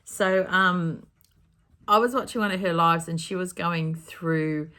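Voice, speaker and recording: A woman's voice: lowish voice, measured pace, pushed and bright. A woman chatting casually in her home craft room as a cross-stitch vlogger, rambling and often correcting herself. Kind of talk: casual chat.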